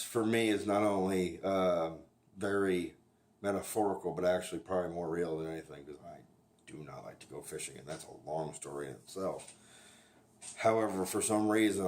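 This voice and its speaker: A man speaking as a recovery sponsor, talking candidly and bluntly, often restarting his sentences and filling pauses with "you know.". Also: sits low, darkish tone. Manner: halting, with frequent restarts and "you know" fillers; blunt and plainspoken. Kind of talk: candid informal talk to camera.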